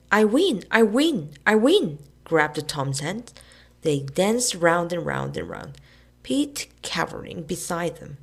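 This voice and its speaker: A woman narrating a storybook aloud in an expressive way, switching into voices for the characters. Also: mid-range voice, creaky. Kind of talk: storybook reading.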